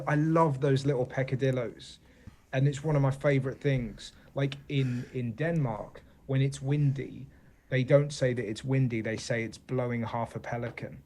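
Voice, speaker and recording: An English comedian chatting as a guest in an interview, telling animated anecdotes and often asking "you know what I mean?". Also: male voice, mid-range voice, normal speed. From England. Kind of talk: casual interview chat.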